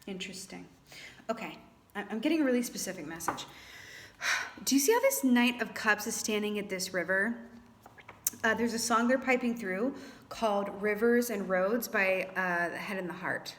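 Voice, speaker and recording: A young woman reading tarot cards for her viewers in a chatty, animated way, thinking aloud with lots of fillers. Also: mid-range voice, normal speed, slight background noise. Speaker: tarot reader. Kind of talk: casual tarot reading to camera.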